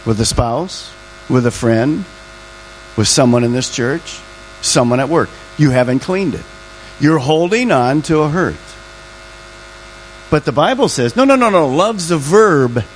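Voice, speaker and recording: A man's voice: medium pitch, animated, a little slow, pauses often, slight background noise, rough recording. A man pastor preaching a sermon, stretching out key words for emphasis.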